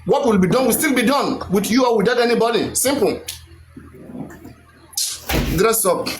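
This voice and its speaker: A man's voice: extremely high pitch, animated, moderate pace. A Nigerian man hosting a live stream, talking emphatically and repeating himself like a preacher. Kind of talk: animated live stream rant. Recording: echoey room with faint noise.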